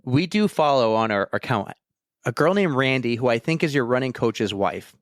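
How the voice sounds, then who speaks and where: A man hosting a podcast in a relaxed, chatty way, his voice at a middle pitch for a man. He recounts stories with lively energy. The sound is close and dry, with no room around it. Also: moderate pace, no echo. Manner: chatty, animated storytelling. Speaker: podcast host. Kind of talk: casual interview chat.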